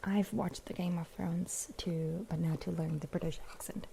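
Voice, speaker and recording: A woman's voice: on the low side, fairly even intonation, normal speed, creaky, mellow, slight background noise. A German woman whose first language is German, hosting a rambling, giggly whispered ASMR chat. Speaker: ASMR host.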